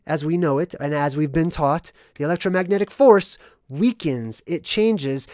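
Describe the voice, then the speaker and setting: A chatty video host talks at a medium pitch in a loose, rambling monologue, sprinkling "right?" after every point. The voice swings between loud, excited bursts and mumbled asides. The recording is dry and close, with no room echo. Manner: rambling, constant "right?" tag questions. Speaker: movie analysis vlogger. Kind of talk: casual monologue explaining hidden meanings.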